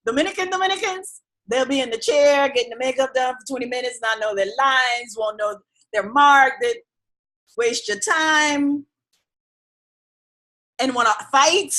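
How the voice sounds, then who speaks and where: A woman telling stories in animated casual chat, laughing often and swinging between loud outbursts and soft asides. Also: sits high, unhurried.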